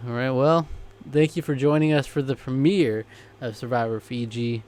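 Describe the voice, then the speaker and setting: An easygoing man co-hosting a casual TV reaction chat. His voice sits at an ordinary middle pitch. He talks in a relaxed, conversational way and keeps the discussion moving. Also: moderate pace, slight background noise. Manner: easygoing, chatty, wraps up the show. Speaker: co-host of a reaction show.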